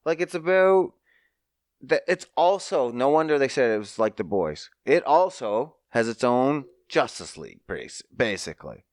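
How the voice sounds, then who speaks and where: A man hosting a casual podcast, telling a story with mocking high-pitched asides and swearing. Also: big pitch swings, moderate pace, dry recording, studio quality. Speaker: podcast host.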